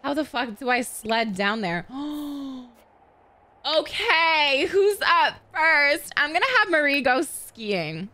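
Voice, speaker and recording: Loud, excitable woman gamer. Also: high-pitched, slow pace. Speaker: gaming host. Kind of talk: casual gameplay commentary.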